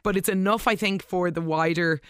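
A host giving a casual, gushing recap of the week's soap episodes, with quick asides and excited reactions. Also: medium pitch, clean tone, dry recording, clean studio sound.

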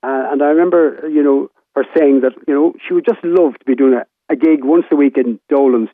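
A man's voice: mid-range voice, fairly quick, no echo. Man, sixties, Limerick Irish accent, rambling reminiscence, restarts, phone-line sound. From Ireland. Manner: chatty, rambling, many restarts and fillers. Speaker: radio broadcaster, phone guest. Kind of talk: casual reminiscing interview. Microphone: telephone.

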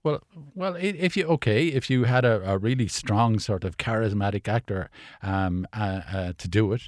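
A man's voice: on the low side, normal speed, no echo. Hesitant man talking films, dry studio sound. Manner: hesitant, many restarts and fillers. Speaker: film critic guest. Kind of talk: casual radio chat.

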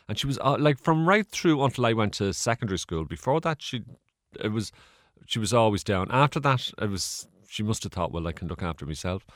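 A man's voice: mid-range voice, animated, fairly quick, hardly any pauses, no room sound, studio quality. Chatty Irish man telling stories. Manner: chatty, rambling, with fillers and laughs. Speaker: guest. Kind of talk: casual storytelling interview.

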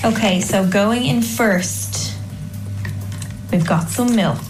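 Brief: upbeat woman talking through a cooking challenge, clear music behind her. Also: medium pitch, slow pace, rough recording. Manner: upbeat, narrates each step. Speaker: podcast co-host. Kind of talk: cooking vlog narration.

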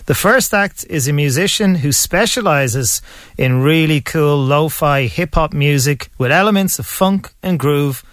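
A man presenting a music radio show, announcing acts and songs in a brisk, upbeat manner. His voice sits a little high for a man. It is recorded close on a dry studio mic. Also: expressive, fairly bright tone, no echo. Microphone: studio microphone.

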